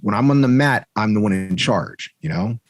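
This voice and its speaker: A man's voice: lowish voice, animated, normal speed, no room sound. A man co-hosting a podcast, telling a rambling, anecdotal story in casual chat. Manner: rambling, anecdotal, self-correcting. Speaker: podcast co-host, martial arts instructor.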